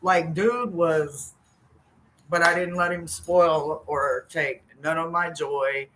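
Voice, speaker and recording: A woman's voice: low-pitched, slow pace, a bit bright, slight background noise, low-quality recording. A woman hosting a live stream, telling stories in casual, profane chat and laughing often.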